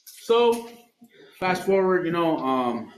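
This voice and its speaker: He speaks at a slow pace but is very animated, his voice on the high side. The man, in a recovery program, shares candidly at a meeting with swearing and laughter, in an echoey room with faint background noise.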